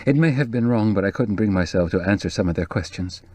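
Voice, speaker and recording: A man reading the part of a jumpy, anxious young woman with a low, breathless voice in an audiobook. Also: animated, quick pace, a little mellow, slightly rough, no echo. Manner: nervous, jumpy, worried.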